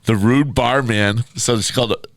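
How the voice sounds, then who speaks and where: A man's voice: medium pitch, steady tone, measured pace, gravelly, dry recording. A man co-hosting a podcast in casual chat, reading reviews aloud with a wry, teasing manner. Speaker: podcast co-host, promoter.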